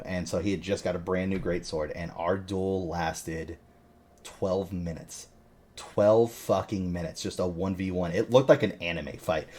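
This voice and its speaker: A podcast host with a low, slightly mellow voice chats casually about a video game. He tells long, rambling gaming stories and swears constantly.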